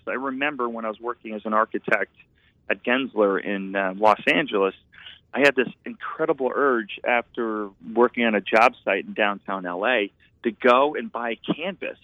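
A man's voice: medium pitch, normal speed, dry recording. A man, a painter and former architect, telling his story in an earnest, rambling way over a tinny, phone-like sound. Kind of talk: reflective storytelling.

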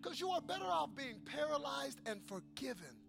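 A male pastor preaching a sermon in a church service, dropping to hushed storytelling and then building to shouted calls for the congregation to answer back. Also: very high-pitched, very animated, normal speed, vocal fry, over music. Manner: call-and-response with the congregation.

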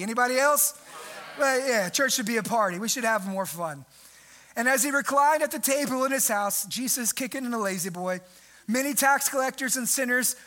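Young male pastor, very high bright voice, lively preaching with sharp jumps in pitch and volume. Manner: animated preaching, jumps pitch and volume for emphasis, mimics people. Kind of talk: sermon.

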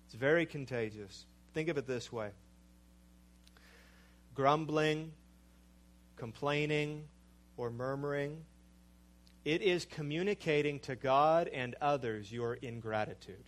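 A male preacher gives a sermon at a slow, deliberate pace in a somewhat raised voice. He leans hard on key words, then lets his voice sink low and quiet for emphasis. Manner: slow, emphatic, dramatic drops to a low mutter.

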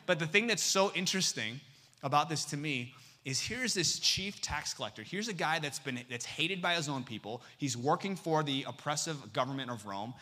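Bright-voiced, lively male pastor. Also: fairly high pitch, normal speed. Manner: lively and humorous, swinging between loud and hushed. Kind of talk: sermon.

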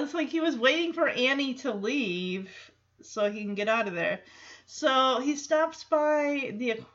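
A woman's voice: a little high, a bit bright. A woman chatting casually through a film reaction, with many fillers and asides, in a lo-fi recording.

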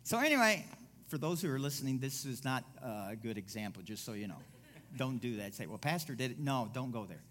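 A man's voice: mid-range voice, sing-song, brisk, fairly bright tone. A middle-aged man pastor preaching a sermon with a personal story, rambling and digressive, repeating himself for emphasis.

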